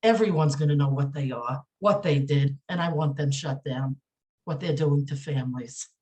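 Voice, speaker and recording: A woman with a low voice talks as a podcast guest and sounds indignant. She keeps stopping to restart her sentences and leans on repeated words for emphasis. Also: warm tone. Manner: halting, many fillers and restarts. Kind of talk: emotional podcast interview.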